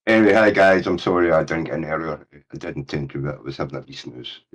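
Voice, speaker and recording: A man with a very low voice chats casually as a caller on a live panel. He is hesitant and self-deprecating, often trailing off with fillers. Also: expressive, quick pace, muffled recording. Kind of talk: casual chat.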